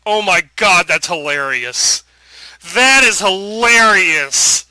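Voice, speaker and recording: A man's voice: sits high, lively intonation, slow pace, no room sound. A man giving crude, joking commentary while playing a visual novel, over game music. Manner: crude, loud, joking asides. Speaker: let's play host. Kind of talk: let's play commentary.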